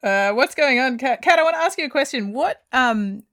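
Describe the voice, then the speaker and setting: A woman's voice: sits high, expressive, brisk, fairly bright tone. Chatty giggling woman podcast host. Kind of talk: casual podcast chat.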